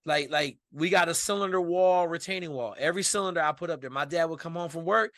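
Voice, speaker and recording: A man from Washington state, a podcast guest telling a story in casual, animated, profane speech. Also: fairly high pitch, quick pace, dry recording, studio quality.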